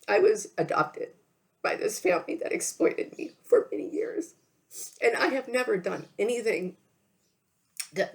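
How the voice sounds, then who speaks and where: Tearful and emotional, a woman vlogger talks to the camera in a personal monologue, her very low voice crackling with vocal fry. She speaks haltingly, repeating words and often checking in with an "okay."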